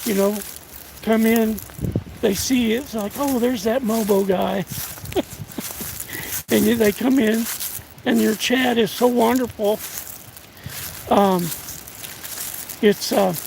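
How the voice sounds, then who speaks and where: A hoarse older man from the United States, live streaming on a phone outdoors in windy woods, chatting in a folksy, halting way and thanking viewers by name. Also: high-pitched, steady tone, darkish tone, rough recording. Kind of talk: casual live-stream chat. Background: faint wind and rustling leaves.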